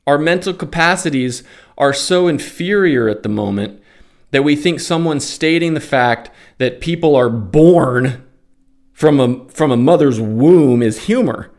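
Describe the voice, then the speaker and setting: A man's voice: fairly high pitch, lively intonation, unhurried, a little mellow. A man talking in a casual, opinionated rant, exasperated and sarcastic, then calling out live stock trades. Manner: opinionated, exasperated, sarcastic, with mocking put-on voices. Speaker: stock day trader and commentator. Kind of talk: casual ranting monologue.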